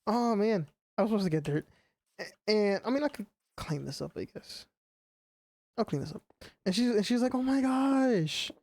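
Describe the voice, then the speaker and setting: This young gaming streamer has a high, animated voice with a darkish tone and vocal fry, speaks at a normal speed, and pauses often as he rambles casually through "like" and "you know" fillers. There's no room sound.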